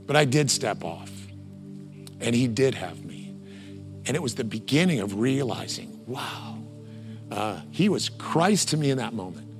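Middle-aged man, pastor, preaching with fillers over clear background music. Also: fairly low pitch. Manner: storytelling with acted quotes and many fillers. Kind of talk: sermon.

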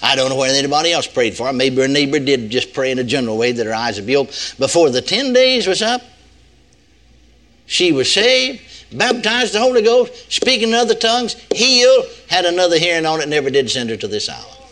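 A man's voice: fairly high pitch, expressive, fairly quick, fairly bright tone. An older man preaching a sermon that tells a story, with a folksy, emphatic manner and plenty of repetition.

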